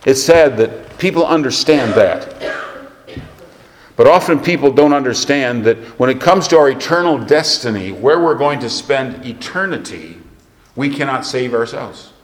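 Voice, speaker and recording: A man preaches in a storytelling way, weaving in scripture and sometimes sinking to a hushed near whisper. His mid-range voice carries a roomy echo with a long reverb tail, as in a church hall. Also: medium pitch, expressive, normal speed. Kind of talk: sermon.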